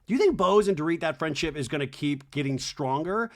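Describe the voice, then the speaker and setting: Sarcastic guy doing a reality tv recap, chatty, laughs a lot, lively voice. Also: on the high side, a little fast, hardly any pauses. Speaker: podcast host. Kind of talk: casual comedic recap.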